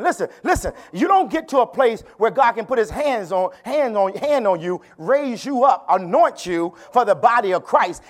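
A bishop preaching a sermon at a church service, calling out to the congregation and building to shouts, repeating phrases for emphasis. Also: male voice, high-pitched. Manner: repeats phrases, tells listeners to turn to neighbor.

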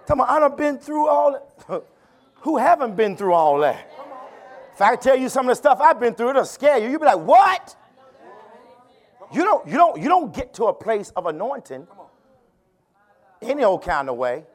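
A bishop preaching a sermon at a church service, calling out to the congregation and building to shouts, repeating phrases for emphasis. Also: male voice, extremely high pitch, big pitch swings, moderate pace, long pauses, some chatter behind. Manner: repeats phrases, tells listeners to turn to neighbor.

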